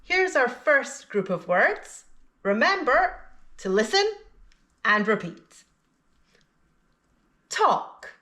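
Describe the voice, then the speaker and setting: A woman teaching English pronunciation, speaking slowly and deliberately and enunciating each word carefully so learners can repeat it. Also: on the high side, big pitch swings, bright, forceful tone. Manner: clear, careful enunciation of single words. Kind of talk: slow, deliberate teaching with pauses for repetition.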